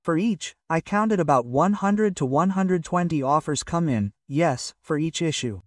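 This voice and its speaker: A man's voice: fairly high pitch, lively intonation, a little slow, no echo, studio quality, distant mic. An older man from Russia, a magazine publisher, talking in a hesitant, rambling way full of fillers in a casual interview.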